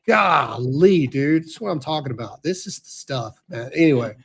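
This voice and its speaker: A man's voice: on the high side, expressive, normal speed, vocal fry, slightly rough. A man hosting a podcast, talking in a brash, sarcastic, ranting way, including an ad read. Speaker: podcast host. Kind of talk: casual commentary with ad read.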